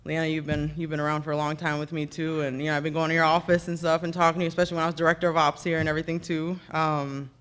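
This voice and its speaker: A woman's voice: low-pitched, little pitch movement, rapid-fire, few pauses. A woman in her thirties speaks at a podium microphone in a banquet room, giving an acceptance speech. She rambles in a chatty, self-deprecating way, thanking one person after another by name. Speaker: hall of fame inductee giving a speech. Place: ceremony breakfast in a banquet room.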